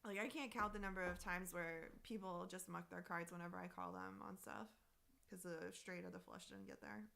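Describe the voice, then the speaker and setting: Gravelly, bright-voiced woman streamer. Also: fairly low pitch, normal speed. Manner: animated, exasperated storytelling with frequent swearing; reads out and answers viewer chat messages. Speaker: poker streamer. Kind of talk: casual live-stream chat, retelling a poker session.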